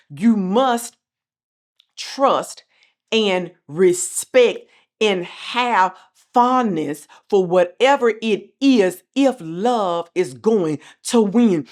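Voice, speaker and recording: A woman's voice: mid-range voice, drawn-out words. A middle-aged woman giving a motivational speech as host, repeating phrases with an emphatic, preacher-like cadence. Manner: swings from soft and calm to loud and passionate. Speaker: motivational speaker and show host.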